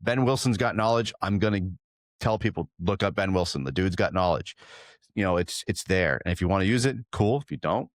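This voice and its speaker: A man's voice: deep voice, a little fast, no room sound, clean studio sound. A man hosting a podcast, speaking earnestly and easygoing about sharing fire training knowledge. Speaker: podcast host and fire instructor. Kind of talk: casual podcast chat.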